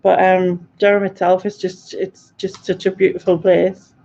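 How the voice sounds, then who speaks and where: A woman's voice: lowish voice, level tone, moderate pace, gravelly, dark tone, muffled recording. A woman from Sunderland with a northeast English accent, chatting casually and rambling on a live stream as she answers her viewers, laughing often. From Sunderland, northeast England. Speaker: live-stream host reading chat.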